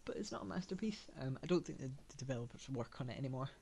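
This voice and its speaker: A man's voice: medium pitch, animated, very fast, gravelly, a little mellow, slight background noise. A man giving casual gameplay commentary, thinking aloud with lots of fillers and dry, sarcastic asides. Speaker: gamer.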